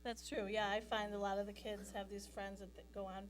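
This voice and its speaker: A woman's voice: mid-range voice, level tone, a little fast, a little hiss or hum. A woman guest on stage giving brief replies. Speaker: guest, mother of honoree. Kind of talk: onstage interview answers.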